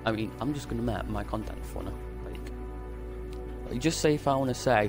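A man talks his way through a video game in a loose, joking ramble and swears often. His voice has an ordinary, mid-range pitch, and game music plays clearly behind him. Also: a little fast. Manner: rambling, jokey, heavy swearing. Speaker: gaming YouTuber. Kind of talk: casual gameplay commentary.

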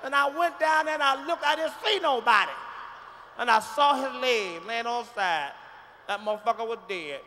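Man playing a high, gossipy auntie, shrill and breathless, live hall sound. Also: normal speed, vocal fry, long pauses, a bit bright, slight background noise, full character voice. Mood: frantic. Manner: repetitive, breathless storytelling. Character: gossipy middle-aged woman relative retelling a death. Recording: live stage show in a large hall.

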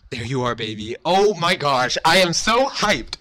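A man's voice: on the high side, a little fast, few pauses, sharp tone. A young man giving gushing, overexcited commentary while playing a mobile game. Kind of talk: excited gameplay commentary.

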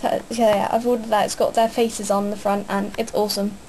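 A woman's voice: mid-range voice, flat delivery, brisk, a little mellow, a little hiss or hum, rough recording. A young woman chatting casually in a vlog, hyper and rambling, with lots of fillers. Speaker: vlogger.

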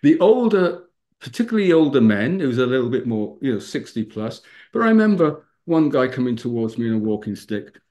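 Preacher in his fifties, animated storyteller, sermon over a video call. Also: fairly quick. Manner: animated storyteller, rising pitch for emphasis. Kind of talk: sermon with personal stories.

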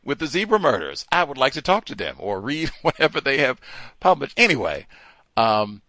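A man hosting a call-in talk show, speaking in an animated, emphatic way and repeating words for stress. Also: mid-range voice, moderate pace, no echo. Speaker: host. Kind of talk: call-in radio talk monologue.

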